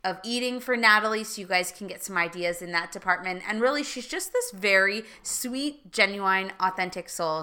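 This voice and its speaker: A woman's voice: medium pitch, bright, forceful tone. A woman hosting a fitness podcast, speaking in an enthusiastic, motivational way as she introduces her guest. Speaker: podcast host. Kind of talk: upbeat podcast intro and interview.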